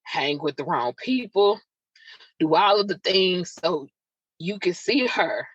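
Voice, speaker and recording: A woman's voice: on the low side, expressive, takes it slowly, husky, no echo. A woman hosting a podcast, telling a personal story in an emotional, raw and confiding way, with chatty asides to her listeners. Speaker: podcast host. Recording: dull lo-fi sound, dry.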